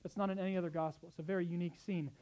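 Male pastor preaching, goes real quiet then gets loud and urgent, chatty asides. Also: sits high, steady tone, very fast. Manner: swings between hushed tenderness and loud urgent exhortation; acts out quoted speech in conversational asides. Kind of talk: sermon.

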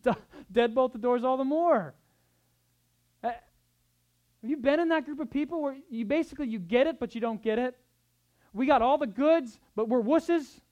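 Preacher swinging from hushed to loud. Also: male voice, very high voice. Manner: swings between hushed tenderness and loud urgent exhortation; acts out quoted speech in conversational asides. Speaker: pastor. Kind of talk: sermon.

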